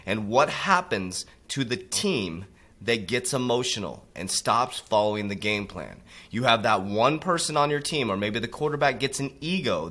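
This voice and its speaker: Bright-voiced preachy motivational man. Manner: preachy, repeatedly addresses listeners as warriors; drops low and quiet on tag words. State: coughing from allergies. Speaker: crypto motivational coach. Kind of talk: motivational monologue.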